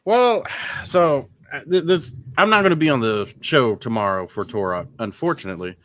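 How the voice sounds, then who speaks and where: A man of middle pitch sits in as guest co-host on a casual show. He rambles, grumbles with frustration, and freely admits he is bad at the games he plays. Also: lively intonation, normal speed, fairly bright tone, dry recording, clean studio sound. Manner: rambling, self-deprecating, griping with frustration. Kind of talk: casual podcast chat.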